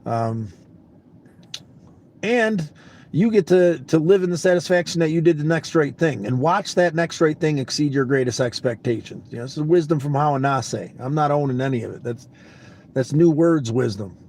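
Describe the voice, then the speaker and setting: A man in a slightly high register chats to his phone camera from the vehicle he travels in. He sounds groggy and laid-back, rambling along with repeated words and the odd casual swear. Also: brisk, darkish tone, a little hiss or hum. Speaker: traveling vlogger.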